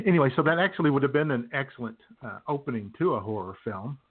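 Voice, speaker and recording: A man's voice: medium pitch, lively intonation, fast, breathy edge. A man hosting a casual talk show, telling an anecdote and chuckling between lines. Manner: laughing through his anecdote, with restarts. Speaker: show host. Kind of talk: casual chat, storytelling. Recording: phone-quality audio.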